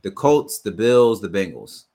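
A man co-hosts a sports podcast in loose, playful banter. His pitch swings up and down a lot as he talks. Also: measured pace, slightly rough. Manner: animated, playful, says "my brother" and "brother". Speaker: podcast co-host. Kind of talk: casual sports chat.

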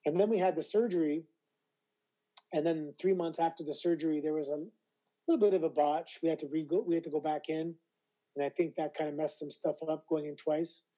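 A Canadian man in his forties, a retired wrestler, telling animated stories as an interview guest. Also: on the high side, fairly quick, rough recording. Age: 40s. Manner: animated storyteller, acts out quoted voices. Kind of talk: casual interview.

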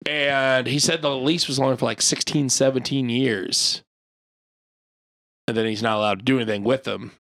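This man has a gravelly, creaky voice and a middling pitch. He tells a loose, rambling story on a podcast, padding it with "like" and casual swearing. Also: fairly even intonation, normal speed, a bit bright. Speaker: podcast co-host.

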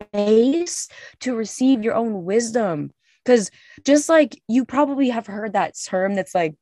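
A woman's voice: fairly high pitch, animated, unhurried, warm tone, dry recording, studio quality. A young woman co-hosting a podcast, talking in a candid, emphatic way and swearing freely. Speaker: podcast co-host. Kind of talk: casual podcast chat.

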